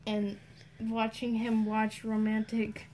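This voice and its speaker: A teenage girl with a high, light voice gives silly toy-play commentary. She talks slowly, with a deadpan, offhand delivery. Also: slight background noise. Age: teens. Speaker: video co-host.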